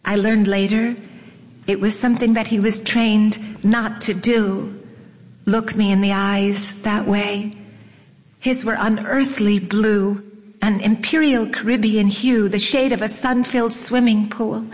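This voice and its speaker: A woman reads her memoir aloud slowly, with a wry, measured delivery. Her voice sits at a middle pitch and trails off into a long reverb. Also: fairly even intonation, a little mellow. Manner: wry, unhurried storytelling. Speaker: narrator. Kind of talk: audiobook memoir reading.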